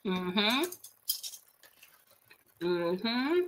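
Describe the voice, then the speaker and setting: Bright-voiced New woman chatting live. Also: medium pitch, extremely slow, a little hiss or hum. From New York City. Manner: chatty and animated, with frequent laughs and asides to the audience; snacking while talking. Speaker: livestream host reading viewer chat. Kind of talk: casual live-stream chat.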